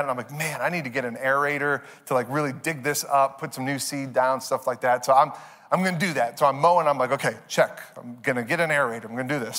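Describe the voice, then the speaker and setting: Pastor, male, somewhat high voice, casual storytelling sermon, big church reverb. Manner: conversational storytelling, animated, asks congregation questions. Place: church sanctuary.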